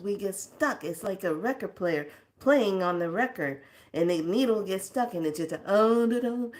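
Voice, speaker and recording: A woman slowly telling a personal story, acting out the dialogue as she goes. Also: mid-range voice. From California. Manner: slow, reflective, acts out quoted dialogue. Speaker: storyteller sharing a personal lesson.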